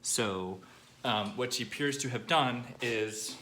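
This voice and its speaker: A young man recording a personal video diary, halting and emotional, choked up at times and pausing often with fillers. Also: mid-range voice, sharp tone, slight background noise. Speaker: vlogger.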